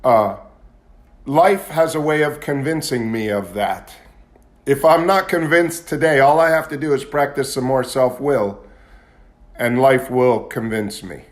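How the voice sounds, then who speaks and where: A man's voice: mid-range voice, unhurried. A man giving a candid, confessional talk at a recovery meeting, at times building into agitated intensity. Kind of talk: personal testimony talk.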